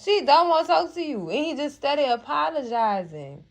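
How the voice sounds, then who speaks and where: A woman's voice: high-pitched, sing-song, normal speed. A woman hosting a casual TV recap, chatty and heartfelt, calling her viewers cousins and girl. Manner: heartfelt, moved to tears at times. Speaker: TV recap channel host. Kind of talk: casual TV episode recap and review.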